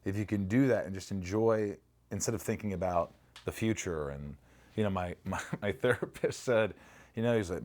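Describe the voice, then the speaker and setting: A man's voice: low-pitched, normal speed, darkish tone. A middle-aged man, an actor in a casual interview, telling stories animatedly, swearing freely and acting out lines.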